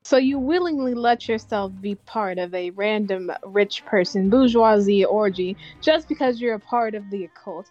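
A woman's voice: medium pitch, a little mellow, muffled recording, faint music behind. A woman playing a tabletop game, talking casually in a blunt, wry way. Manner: blunt, wry and quick to react. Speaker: player.

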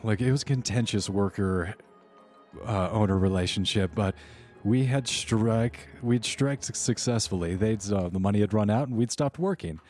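A man's voice: on the low side, normal speed, darkish tone, soft background music, lightly acted. A man voicing an exhausted, frightened woman worker who has fled a desert camp and curses bitterly as she talks. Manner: curses angrily, breathless and defensive.

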